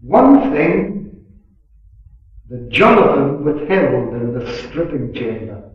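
A man giving a sermon at a gospel meeting, earnest and unhurried, swelling on key words and dropping in chatty asides. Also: on the high side, very animated. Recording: echoey room, distant mic, dull lo-fi.

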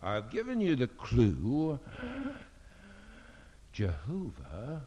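An older man, preaching a sermon at a fellowship meeting and reading scripture in a slow, deliberate, emphatic way. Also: mid-range voice, big pitch swings. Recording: dull lo-fi recording.

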